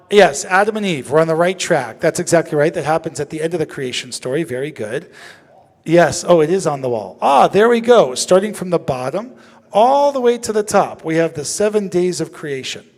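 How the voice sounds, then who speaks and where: Rabbi with a slightly high voice in a reverberant hall. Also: male voice. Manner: asks the audience questions, joking and lively. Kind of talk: interactive teaching talk. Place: synagogue sanctuary. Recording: long reverb of a large hall.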